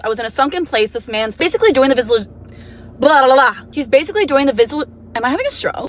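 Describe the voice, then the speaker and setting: Casting: young woman, fairly high voice, candid chatty storyteller, faint hiss behind. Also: fairly bright tone. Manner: chatty, candid, swears casually. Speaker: vlogger. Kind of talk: casual storytelling to camera.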